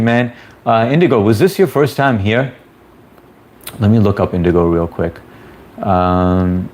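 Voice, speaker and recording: A man's voice: on the low side, a little mellow. A man hosting a casual livestream, reading viewer comments aloud and greeting people by name in a laid-back, chummy way. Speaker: livestream host.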